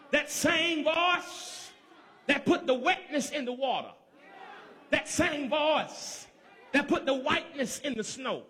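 A Southern man from Georgia preaches with a strikingly high, lively voice that swoops up and down. He repeats his phrases in rhythmic call-and-response and rises to ringing shouts. He speaks straight to his congregation. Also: long reverb tail. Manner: talks directly to the congregation. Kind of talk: sermon.

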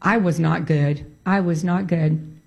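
A woman's voice: on the low side, fairly even intonation, takes it slowly, vocal fry, darkish tone, breathy edge. A woman telling a personal story in a casual way, emphatic and repeating phrases for emphasis.

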